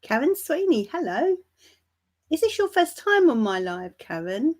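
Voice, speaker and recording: A woman hosting a tarot live stream, chatting warmly and calling viewers darling and my love. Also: sits high, sing-song, measured pace. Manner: laughs lightly between remarks. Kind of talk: casual livestream chat greeting viewers.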